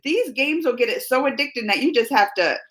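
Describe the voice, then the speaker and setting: A high-pitched woman talks casually on her live stream, laughing often and jumping between stories and viewer comments. Her voice sits noticeably high and stays chatty and animated throughout. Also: a little fast, low-quality recording. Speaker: live stream host reading chat.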